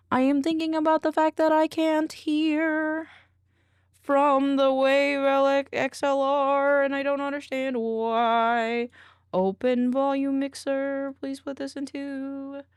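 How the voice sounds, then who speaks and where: A woman's voice: on the high side, measured pace, dry recording. A woman streamer in casual chat, cranky and rambling, swearing and muttering to herself.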